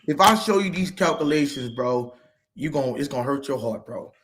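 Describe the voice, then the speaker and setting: A man co-hosting a casual sports podcast, talking in an animated, heated and profane way. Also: medium pitch, normal speed. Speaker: podcast co-host.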